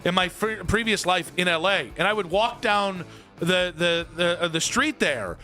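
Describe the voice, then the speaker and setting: A man hosting sports radio, ranting loudly and joking with his co-host. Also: sits high, moderate pace, faint music behind. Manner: loud, animated ranting with comic bits.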